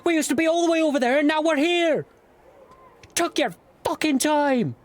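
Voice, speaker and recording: A shrieking, foul-mouthed old dwarf. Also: male voice, very high voice, normal speed, pitched above the performer's own voice. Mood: angry, yelling. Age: older. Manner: shouting, cursing, impatient. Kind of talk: tabletop game character voice.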